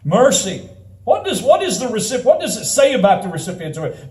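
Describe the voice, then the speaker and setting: A man preaching a sermon in a conversational, animated way, telling a personal story and laughing often. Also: sits high, a little fast. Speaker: pastor. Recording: roomy sound from a distant mic.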